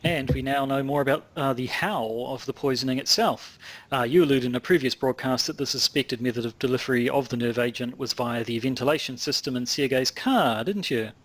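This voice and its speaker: A man's voice: mid-range voice, fairly quick. A man co-hosting a podcast over a video call, with wry, teasing banter. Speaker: podcast co-host. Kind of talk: casual chat. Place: home in New Zealand.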